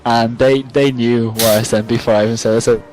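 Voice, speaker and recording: A man's voice: medium pitch, little pitch movement, brisk, darkish tone, soft background music, low-quality recording. A tipsy young man, rambling and swearing as he tells a self-mocking story to the camera.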